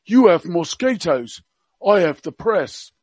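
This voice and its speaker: A man voicing a blunt, tactless elderly royal gentleman, trying for a Cockney accent and firing off cheeky, rude one-liners. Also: high voice, sing-song, slow, slightly rough, heavily acted. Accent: attempted Cockney. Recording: dull, dry lo-fi sound.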